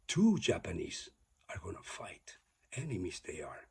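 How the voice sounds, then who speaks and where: Brief: male motivational preacher, low and breathy, lively pitch, drops into whispers between loud exhortations. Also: measured pace. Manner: emphatic, swings from loud declarations to whispers; repetitive, exhorting. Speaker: motivational speaker.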